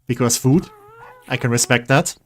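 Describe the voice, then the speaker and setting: A man's voice: medium pitch, moderate pace. Man, game streamer, casual commentary, rambling, mid-range voice. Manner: chatty, rambling, coaxing pets.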